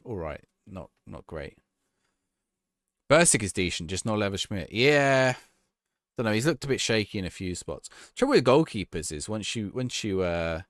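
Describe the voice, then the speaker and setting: Casual male streamer, rambles chatting with viewers, lower voice that swings up and down, close dry mic. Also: no room sound. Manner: casual, rambling, answering chat questions. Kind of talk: live-stream gameplay chat.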